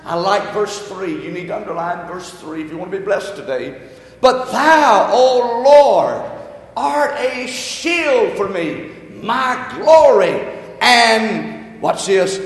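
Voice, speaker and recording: A man preaching a sermon as pastor, calling on the congregation to answer and rising into shouts. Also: high voice, big pitch swings, a little slow. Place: church sanctuary. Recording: echoey hall.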